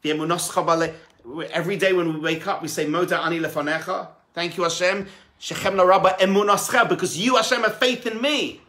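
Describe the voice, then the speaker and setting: A male rabbi giving a sermon, telling a story with animated delivery that moves between hushed and emphatic. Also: high-pitched, fast.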